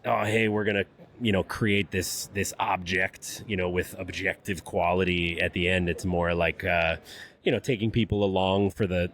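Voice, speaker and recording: A man's voice: sits low, fairly bright tone, slight background noise. A man co-hosting a podcast, talking reflectively and searching for words in casual chat. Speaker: podcast co-host.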